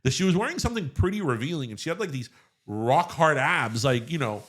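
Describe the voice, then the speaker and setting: A man's voice: a little high, brisk. A man co-hosting a podcast, gossiping about celebrities in a loose, chatty way full of "like". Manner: gossipy, animated, lots of "like". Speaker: podcast co-host. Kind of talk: casual chat.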